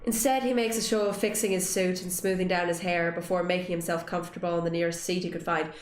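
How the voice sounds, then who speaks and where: Expressive young female gamer reading narration and commenting; roomy sound. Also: on the low side, fast. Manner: expressive, swearing, laughing asides. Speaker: let's play host.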